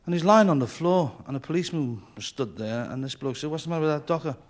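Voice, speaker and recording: A man from Liverpool with a Liverpool accent, a guest comedian telling quick, cheeky one-liners to a theatre audience. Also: on the high side, animated. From Liverpool, England. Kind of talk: stand-up joke telling. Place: theatre stage with a live audience. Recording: 1970s radio broadcast, loud audience laughter.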